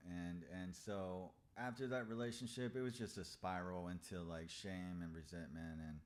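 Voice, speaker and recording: A man with a very low, deep voice talks through his own story on a podcast, frank and confessional. He stops and restarts often and swears freely. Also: steady tone, moderate pace. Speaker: podcast guest. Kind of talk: candid conversational storytelling.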